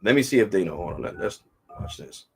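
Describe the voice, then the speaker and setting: A man's voice: low voice, expressive, quick pace, creaky, darkish tone, breathy edge. A man hosting a tech talk stream, ranting casually and emphatically, with loose swearing.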